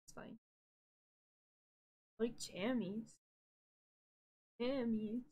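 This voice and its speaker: A woman streamer chatting casually on a live stream from a room at home, bubbly and easily distracted, breaking into excited squeals. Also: on the high side, very slow, breathy edge. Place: home room with green screen.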